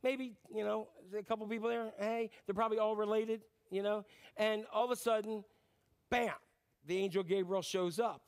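A middle-aged man preaching a sermon as a pastor, telling the story in a lively, joking way and acting out voices. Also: high-pitched, moderate pace, clear, resonant tone.

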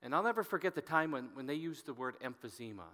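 Earnest pastor in an echoing hall. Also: male voice, mid-range voice, lively intonation. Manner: earnest and halting, often dropping to a hushed voice. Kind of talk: sermon storytelling. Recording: long reverb from a hall.

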